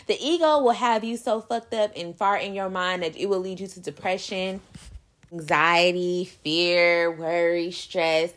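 In a casual motivational monologue, a young woman speaks candidly and emphatically in a mid-range voice. She swears freely and calls her listeners "baby."

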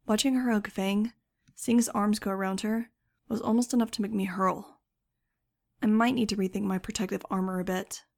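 A woman reads a first-person audiobook with wry, measured storytelling. Her voice sits mid-range with a gravelly fry. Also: mid-range voice, fairly even intonation, darkish tone. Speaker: audiobook narrator.

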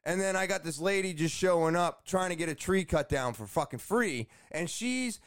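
High-voiced man ranting to camera. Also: normal speed. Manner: animated, exasperated, swears often. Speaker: vlogger telling a story. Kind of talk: casual storytelling to camera. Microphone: camera facing speaker.

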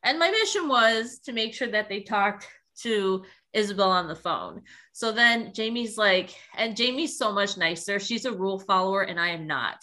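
A young adult woman co-hosting a podcast, chatting casually and telling stories in an animated way. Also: mid-range voice, normal speed, few pauses. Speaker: podcast co-host.

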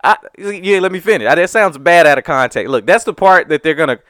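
High, animated storytelling man. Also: fairly quick, clean tone, no room sound, clean studio sound. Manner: animated, profane, acts out voices. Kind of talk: casual chat, animated storytelling.

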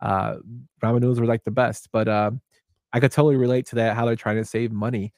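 Man, podcast co-host, casual movie talk, lively retelling, dry close sound. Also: medium pitch, fast, no echo. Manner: animated retelling of scenes, acting out the lines.

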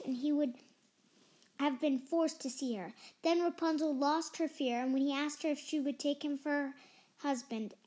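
A young woman with a high, light voice reads a fairy tale aloud. She goes carefully line by line, with the odd slip and restart. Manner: careful reading with small slips. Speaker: storyteller.

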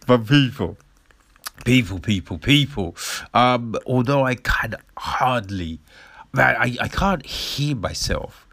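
A man's voice: mid-range voice, takes it slowly, gravelly, no echo. Stuffy-nosed guy ranting on his podcast, swears a lot, voice jumps all over, dry close sound. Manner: animated, profane, rambling. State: blocked nose. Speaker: podcast host. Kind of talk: casual storytelling monologue.

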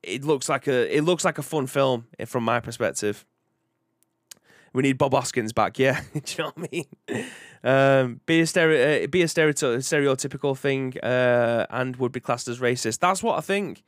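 British male streamer-host, casual rambling talk, mid pitch, dry close mic. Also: moderate pace, dry recording. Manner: chatty and rambling, reads out chat comments. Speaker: podcast host. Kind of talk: casual live-stream chat.

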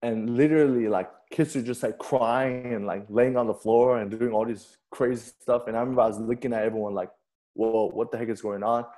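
A young male pastor gives a sermon in a relaxed, chatty way, like he's talking to friends. His voice is mellow and warm, at an ordinary middle pitch. He often trips over and repeats words as he starts sentences. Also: a little fast, few pauses. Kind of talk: sermon with personal storytelling.

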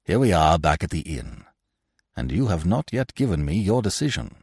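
A man doing a big, wily old-school theatre manager in an audiobook, all leering bluster and wheedling, the voice rolling up and down with plenty of swing, deep and close with no room echo around it. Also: very animated, moderate pace, darkish tone, husky, heavily acted. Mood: scolding. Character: heavy, powerful, cunning middle-aged male theatre manager.

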